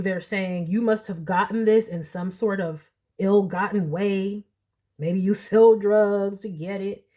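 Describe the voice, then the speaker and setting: A young woman giving a casual pick-a-card tarot reading, chatty and animated, often laughing. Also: mid-range voice. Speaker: tarot reader.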